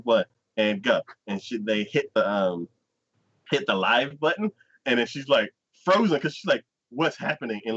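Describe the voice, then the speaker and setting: A man retelling anime scenes on a casual podcast, his pitch leaping around as he acts out each character. His voice is bright and forward, and the recording is dull and lo-fi. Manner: animated storyteller acting out scenes, frequent "like". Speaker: podcast co-host. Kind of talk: casual anime review chat.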